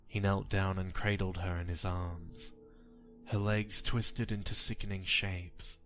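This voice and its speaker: A man reading a horror story aloud in a measured, grim storytelling manner. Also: low voice, little pitch movement, fairly bright tone. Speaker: narrator. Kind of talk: scripted horror story narration. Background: faint music.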